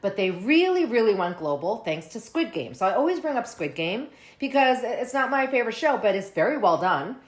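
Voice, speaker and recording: A woman's voice: a little high, brisk, few pauses. Woman therapist talking in a roomy space. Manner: lively storyteller who acts out what people say. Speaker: family therapist and guest. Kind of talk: casual interview talk. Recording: roomy echo.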